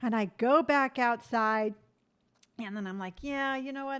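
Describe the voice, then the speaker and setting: Chatty middle-aged woman, rather high voice. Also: normal speed, fairly bright tone, clean tone. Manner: chatty, rambling storytelling with many fillers; reads viewer comments aloud and answers them. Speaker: lifestyle vlogger hosting a live stream. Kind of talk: casual live-stream chat.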